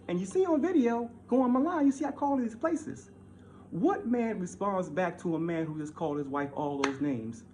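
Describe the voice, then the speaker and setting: A man rants in a heated, repetitive monologue. His voice sits a little high and lurches between loud outbursts and low mutters. A faint noise floor hangs under the recording. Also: lively intonation, moderate pace. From Baltimore. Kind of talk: ranting monologue.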